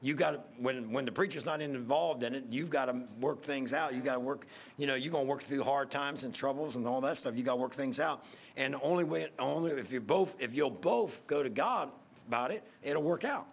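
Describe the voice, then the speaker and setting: A middle-aged pastor, preaching in a folksy, rambling storytelling way, repeating himself and getting loud at emotional peaks. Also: male voice, mid-range voice, brisk, slightly rough.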